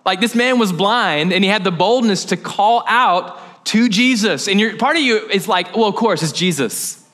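A young male pastor preaching in a loose, conversational way, full of jokes and asides. His voice sits high, bright and forward. He sounds animated and relaxed. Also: normal speed. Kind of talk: sermon.

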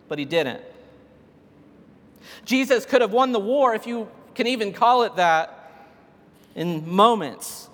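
A man's voice: sits high, lively intonation, slow, long pauses, a bit bright. A man preaching a sermon, retelling scripture in a casual storytelling way and building to emphatic peaks. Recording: long hall reverb.

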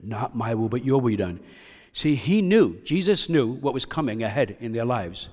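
Male pastor, sermon delivery, mid-pitched voice, shifts from hushed to fervent, long hall reverb. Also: very animated, moderate pace. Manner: swings from hushed to loud and impassioned.

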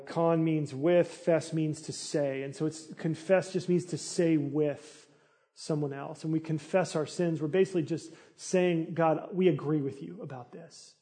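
A man's voice: a little high, dark tone. A middle-aged man preaching a sermon in an earnest, conversational way that rises in intensity. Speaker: pastor.

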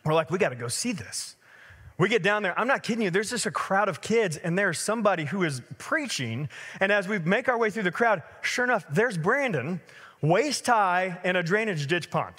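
A man in his thirties preaching a sermon as a pastor, telling stories in a lively conversational way with many fillers. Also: sits high, moderate pace, slightly rough, big-room sound.

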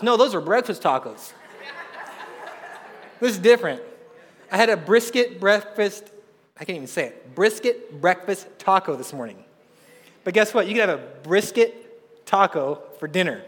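A man with a high voice preaches to his congregation, mixing jokes and personal stories into the sermon. The sound carries a long reverb from a large hall. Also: lively intonation, a little slow, long pauses, fairly bright tone. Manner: conversational storytelling with humor. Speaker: pastor.

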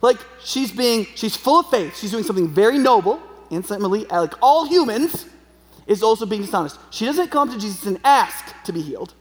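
A man preaches a sermon conversationally, frequently checking in with the audience through tag questions. His voice is high-pitched, very animated, and fairly quick, with long hall reverb on the recording.

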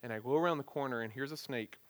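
A middle-aged man preaching as a pastor, moving from prayer into an animated, self-deprecating personal story. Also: medium pitch, fast, dry recording.

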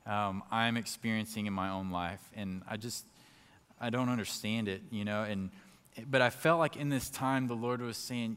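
A man sharing a personal testimony as a lively story and acting out his own thoughts as he goes. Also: lowish voice, normal speed, clear, resonant tone, in a large hall. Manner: animated storyteller who acts out his own inner thoughts.

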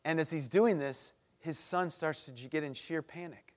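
Animated storytelling male preacher. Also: a little high, normal speed. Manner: animated storytelling, acts out voices, drops to soft earnest prayer. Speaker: preacher at a men's gathering. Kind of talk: sermon with storytelling and prayer.

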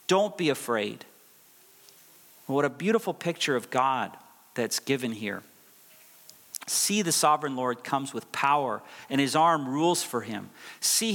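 A man's voice: on the high side, a bit bright. A middle-aged male pastor preaching a sermon, stressing and repeating key phrases for effect. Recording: long reverb of a large hall.

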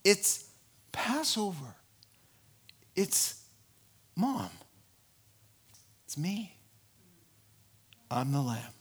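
A man playing a calm, soft-spoken boy Jesus. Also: high-pitched, drawn-out words, pauses often, husky, pitched above the performer's own voice, heavily acted. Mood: earnest. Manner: soft, quiet, earnest. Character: boy Jesus, twelve, calm and matter-of-fact.

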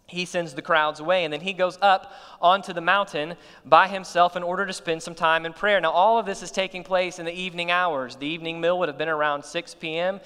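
A man's voice: fairly high pitch, sharp tone, clear, resonant tone, long reverb tail. A man preaching a sermon as pastor, explaining scripture and building to emphatic peaks.

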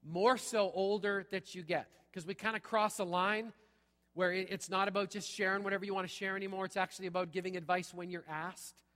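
A middle-aged pastor gives a sermon in a church sanctuary, talking in a punchy, conversational style and often asking "okay?" His voice is high, bright and forceful, with a steady tone and a brisk pace. The recording has long hall reverb.

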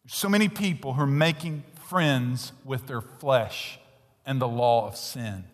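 Intense preacher in a reverberant church. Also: male voice, medium pitch, measured pace. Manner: blunt, intense preaching with sudden hushed whispers and loud peaks. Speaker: pastor. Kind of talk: sermon.

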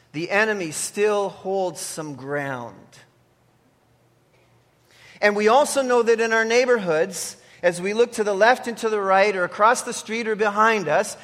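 Emphatic high-voiced male preacher, echoing church. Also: a bit bright. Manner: earnest, emphatic preaching with repeated exhortations. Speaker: pastor. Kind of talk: sermon.

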